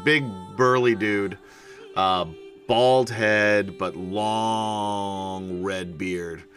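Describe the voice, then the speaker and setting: A man's voice: fairly low pitch, pushed and bright. A man narrating as game master of a tabletop game, rambling with many fillers. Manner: rambling, laughs often.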